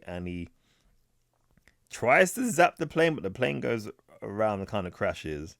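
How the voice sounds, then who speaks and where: A low-voiced man recaps a comic story in a relaxed, rambling way for a podcast. He keeps slipping into quick, offhand versions of the characters' lines. The sound is close and dry, with no room around it. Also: gravelly, no echo. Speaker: comic book podcast co-host. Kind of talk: casual chat, retelling a comic plot.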